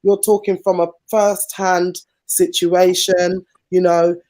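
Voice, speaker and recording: A man speaking slowly and emphatically in a casual group discussion. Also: high voice, little pitch movement, darkish tone.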